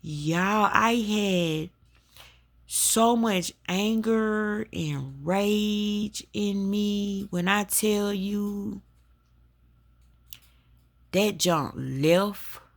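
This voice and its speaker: Woman host, slow unhurried delivery, emphatic preacher's testimony to her audience. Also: mid-range voice. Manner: emphatic, addresses listeners as y'all. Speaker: spiritual talk host.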